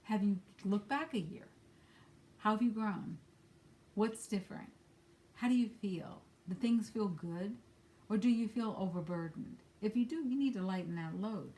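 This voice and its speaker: A woman's voice: mid-range voice, normal speed, warm tone. A woman giving a spiritual angel-card reading at home, talking candidly and swearing now and then. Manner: candid, blunt, swears casually. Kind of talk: spiritual guidance talk. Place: at home with a dog nearby.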